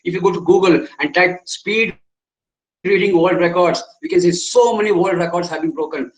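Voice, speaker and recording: A man's voice: high-pitched, moderate pace, reverberant, rough recording. A man, a memory trainer giving an online webinar lecture, who repeats his phrases and keeps asking the audience questions. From India.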